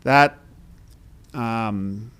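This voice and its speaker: An Australian man, a brand founder, telling stories in a relaxed interview chat with many fillers and restarts. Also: mid-range voice, very slow, smooth. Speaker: brand founder, podcast guest.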